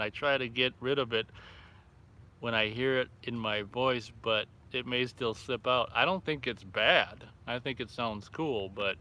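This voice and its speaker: A man's voice: medium pitch, pushed and bright. A man hosting a casual live stream outdoors by a fire at night, reading viewer comments aloud and reacting offhandedly. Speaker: livestream host reading chat.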